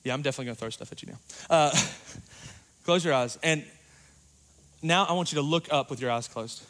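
A man preaching a sermon in a church, talking casually and joking, going loud and then quiet for emphasis. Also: on the high side, brisk. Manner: conversational, joking, rises and drops in volume for emphasis.

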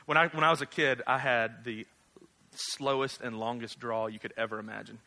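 A man's voice: medium pitch, fairly even intonation, moderate pace, vocal fry, sharp tone. A man, preaching a casual, humorous sermon as a pastor, full of jokes and tag questions. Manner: joking, conversational, rhetorical tag questions.

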